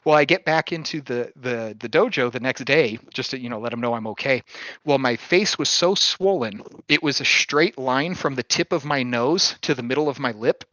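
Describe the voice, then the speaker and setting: A man hosting a podcast, casually telling a story, lively, swearing freely and chuckling as he goes. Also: mid-range voice, normal speed, no echo, highs cut off.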